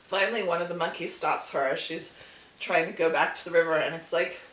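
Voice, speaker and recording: A woman hosting her channel, telling a folk tale in a casual, animated way with chatty asides. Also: lowish voice, fairly quick. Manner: animated, repetitive storytelling with asides. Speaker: channel host and storyteller. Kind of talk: casual storytelling vlog. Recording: echoey room, distant mic, faint hiss.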